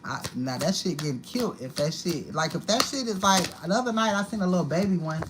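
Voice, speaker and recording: A woman's voice: lowish voice, animated, a little fast, background noise. Blunt, foul-mouthed woman reading cards. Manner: blunt, profane and repetitive. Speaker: tarot reader. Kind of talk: live-streamed card reading. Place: home apartment.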